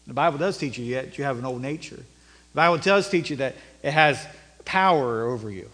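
A man with a high voice preaching a sermon to his church. His delivery climbs to loud, pressing peaks, then sinks low and quiet. The sound carries a long reverb from the hall. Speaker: pastor.

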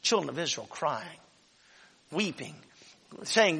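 Dramatic preaching man, high and bright. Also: animated, unhurried, slightly rough, big-room sound. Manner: dramatic preaching that swings from shouting to whispers. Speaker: pastor. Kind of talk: sermon.

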